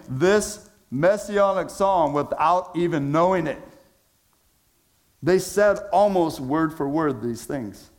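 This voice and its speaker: Casual, fairly high-voiced male preacher. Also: takes it slowly. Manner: casual, conversational preaching with slang; dramatic swings between loud emphasis and hushed low phrases. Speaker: pastor. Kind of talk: sermon.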